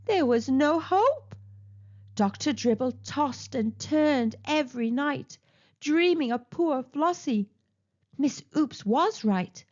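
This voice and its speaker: A woman reading a children's picture book aloud in a playful, expressive way, on a dull lo-fi recording. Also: high-pitched, slow. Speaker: children's storyteller.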